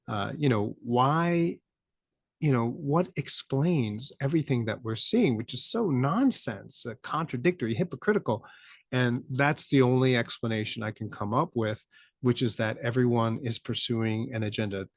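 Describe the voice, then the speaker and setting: A man's voice: medium pitch, normal speed, creaky, no room sound, studio quality. A middle-aged man hosting a podcast, rambling through casual political commentary, laughing in disbelief and rising to incredulous peaks. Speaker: podcast host.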